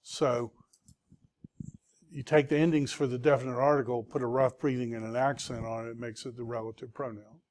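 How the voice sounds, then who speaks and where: A man's voice: mid-range voice, flat delivery, fairly quick, a little mellow, a little hiss or hum. A middle-aged man teaching a Greek vocabulary lecture to students, patiently checking in with the class as he goes.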